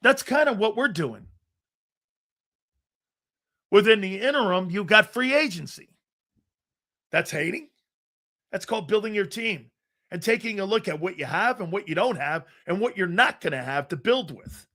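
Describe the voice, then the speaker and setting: A man's voice: high-pitched, expressive, moderate pace, bright, forceful tone. Brash, combative sports radio host, man. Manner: combative, brash, swears freely. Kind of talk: blunt sports talk radio rant.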